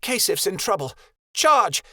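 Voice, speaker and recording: Fierce, sharp-tongued warrior woman, voiced by a male narrator; high pitch, clipped and tense. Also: sing-song, normal speed, dry recording, studio quality.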